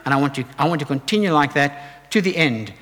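A male preacher delivers an earnest, urging sermon that climbs to emphatic peaks. His voice sits high for a man. It rings out with a long reverberant tail, as in a large hall. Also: lively intonation, a little fast, fairly bright tone.

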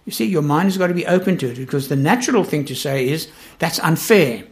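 A man's voice: a little high, expressive, quick pace. A man teaching a Bible study in an earnest, emphatic way, repeating his key points.

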